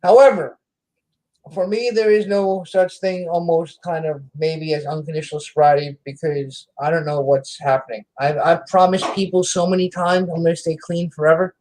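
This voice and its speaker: Animated self-deprecating man guest. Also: on the high side, moderate pace, poor audio. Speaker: podcast guest. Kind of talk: casual conversation.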